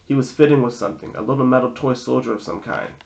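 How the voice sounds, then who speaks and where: A man's voice: medium pitch, fast, gravelly, highs cut off. Man steadily reading a novel aloud. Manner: plain, steady, occasional restarts. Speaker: audiobook reader.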